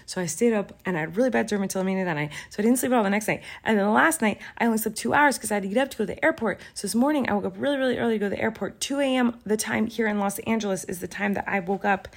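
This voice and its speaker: A woman's voice: mid-range voice, very fast, vocal fry, hardly any pauses. A woman in her thirties co-hosting a podcast in casual chat, rambling and sleepy, with yawns in her talk. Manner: rambling, animated, sleepy and yawning. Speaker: podcast co-host.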